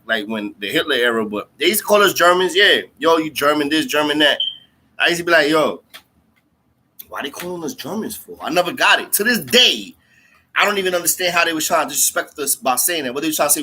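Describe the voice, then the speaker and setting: A man's voice: on the high side, pushed and bright, a little hiss or hum. A man hosting a livestream, telling a story in casual street slang, cursing freely, repeating lines for emphasis and calling listeners bro and twin. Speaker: livestream host talking to viewers.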